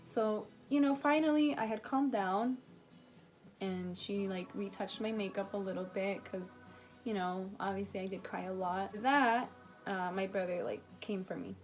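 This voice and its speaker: A woman's voice: medium pitch, moderate pace, faint music behind. A young woman in her late teens telling a personal story in a casual vlog, full of "like" and swearing. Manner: casual, filler-heavy, swearing. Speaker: vlogger.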